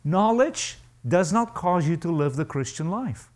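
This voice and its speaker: A male pastor preaching a sermon to a congregation, emphatic and animated, acting out the voices he quotes. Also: a little high, measured pace.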